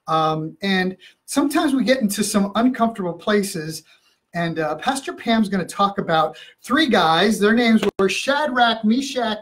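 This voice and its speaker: A man's voice: high voice, fairly bright tone. A man leading a children's church session in an upbeat, casual way, a little out of breath, with lots of fillers. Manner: upbeat, filler-heavy, quick.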